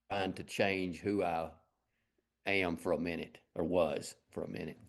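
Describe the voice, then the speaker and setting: Middle-aged West Texas man, low voice, folksy rambling storyteller, interview guest. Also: steady tone, slow pace. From Lubbock, Texas. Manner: rambling, folksy, self-deprecating. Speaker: guest artist.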